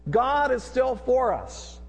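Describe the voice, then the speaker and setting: A man's voice: very high-pitched, wildly swooping pitch, slow pace, vocal fry, faint music behind. Man preaching in a reverberant hall. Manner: earnest, repeats lines, leads the congregation in call-and-response. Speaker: pastor. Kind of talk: sermon.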